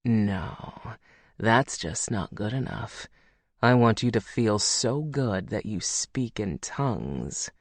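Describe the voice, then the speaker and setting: A narrator doing a low, teasing werewolf lover. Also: expressive, slow, no echo. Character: lustful man, a werewolf lover.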